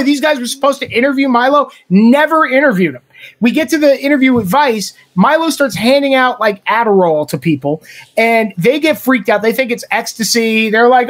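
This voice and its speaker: A man telling loud, profane stories in casual podcast chat, laughing and acting out what others said. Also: extremely high pitch. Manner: storytelling, profane, laughs often, acts out quotes. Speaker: podcast guest.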